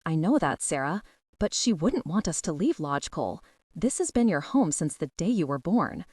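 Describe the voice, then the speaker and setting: A woman reading an audiobook, voicing a frail, confused elderly father who speaks in a husky whisper. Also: on the high side, big pitch swings, normal speed, darkish tone, dry recording, studio quality. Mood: weak, bewildered.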